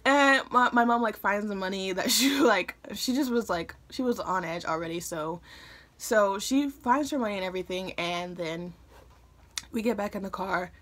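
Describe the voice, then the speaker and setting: A woman in her early twenties from Michigan, telling a personal story to a phone camera in a chatty way, with lots of fillers and quick asides. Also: mid-range voice, a bit bright. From Michigan, USA. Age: early 20s. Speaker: vlogger. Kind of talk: casual storytime.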